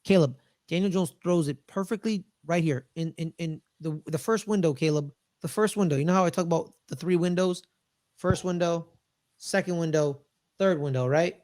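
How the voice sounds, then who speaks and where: High-pitched guy ranting about football on a podcast, super excitable, repeats stuff, dry room. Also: moderate pace, no room sound. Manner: excitable, repeats phrases for emphasis. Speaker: podcast co-host. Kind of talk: casual sports chat.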